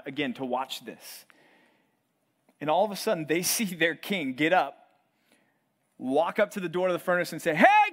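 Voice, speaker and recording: Man, pastor, sermon, higher-pitched voice, animated storytelling. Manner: animated storytelling, playful acted asides. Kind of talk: sermon to college students.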